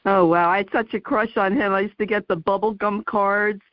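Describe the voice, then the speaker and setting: A woman's voice: mid-range voice, fairly even intonation, a little fast, no echo. A woman in her sixties hosting an interview, chatting casually with fillers and laughs. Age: 60s. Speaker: interview host. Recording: dull lo-fi dry sound.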